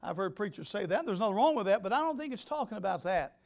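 High-voiced older man preaching emphatically. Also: big pitch swings, fast, gravelly. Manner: emphatic, repeats key words, swings between loud and soft. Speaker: pastor. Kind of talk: sermon. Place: church.

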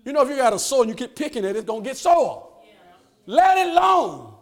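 A man preaching a sermon, folksy and joking, building to shouted call-and-response lines. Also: very high voice, very fast. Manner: folksy, joking asides with laughter.

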